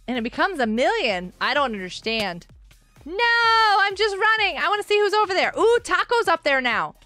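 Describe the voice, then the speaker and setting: A woman streaming a game live, giggling often and reacting excitedly while greeting her viewers. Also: sits high, no room sound. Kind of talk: live-stream gameplay commentary.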